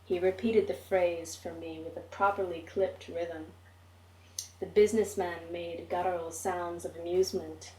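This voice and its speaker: A woman reading a short story aloud in a measured, wry storytelling manner. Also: fairly low pitch, fairly even intonation, dark tone. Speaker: reader. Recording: roomy, distant mic.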